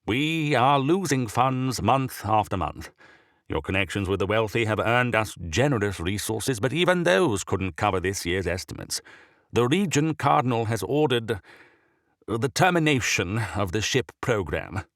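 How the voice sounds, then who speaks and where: A man voicing a massive, sickly old bishop who speaks in a loud, raspy, growling voice, slow and heavy with weariness. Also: lowish voice, lively intonation, no echo, clean studio sound, voice pushed up. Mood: grave, weary.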